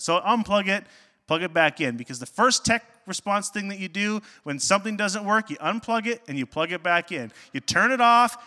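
A high, bright male voice belongs to a pastor telling self-deprecating stories from the pulpit. He preaches with animated, joking energy, and his words ring out with a long hall reverb, as in a church sanctuary. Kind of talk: sermon.

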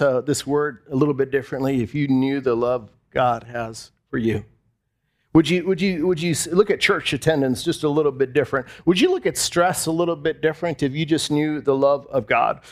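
A man preaching a sermon to a congregation, conversational, repeating phrases and asking the room questions. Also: fairly high pitch. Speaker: pastor. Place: church hall before a congregation.

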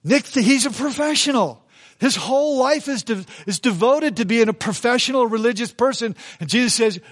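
A man's voice: high voice, brisk. A man preaching a sermon in a church as pastor, folksy and conversational, acting out the people he quotes.

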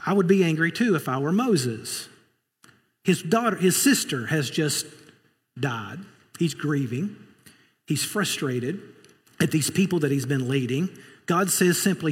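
A man preaches a conversational sermon, slipping in joking asides and plenty of fillers. His voice sits a little high and sounds husky. The church around him carries a long, lingering reverb. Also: expressive, measured pace, pauses often. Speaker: pastor. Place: church sanctuary. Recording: long reverb of a large room.

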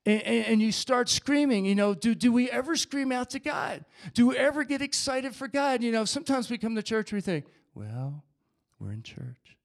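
Male preacher, high voice, energetic conversational sermon. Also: fairly quick, gravelly, few pauses. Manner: energetic, conversational, repeats phrases.

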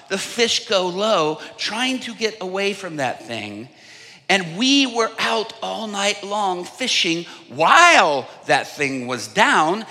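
Animated preacher in a big echoing hall. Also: male voice, sits high. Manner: animated storytelling, humorous. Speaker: evangelist. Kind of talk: sermon. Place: large conference hall.

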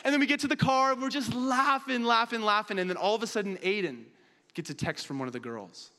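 A man's voice: very high voice, fast, pushed and bright, in a large hall. A man preaching a sermon and telling a funny story with lots of animation. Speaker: pastor.

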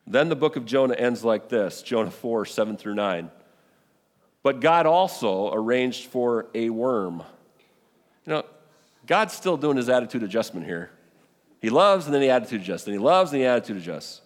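A man preaching a sermon as a pastor, animated and exclamatory, acting out the people in the scripture. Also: medium pitch, fairly quick. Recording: long hall reverb.

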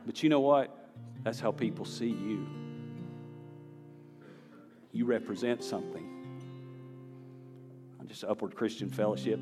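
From the pulpit of a church sanctuary, a pastor with a Southern American accent preaches in a folksy, conversational way that swells into emphatic bursts. His voice sits on the low side, his pace is moderate, and he pauses often. The hall is reverberant, with a faint guitar in the background.

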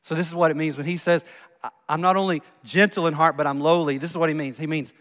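A man preaching a sermon as a pastor, swinging from loud emphasis to hushed, near-whispered lines. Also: fairly high pitch, fairly even intonation, fast. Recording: long reverb of a large hall.

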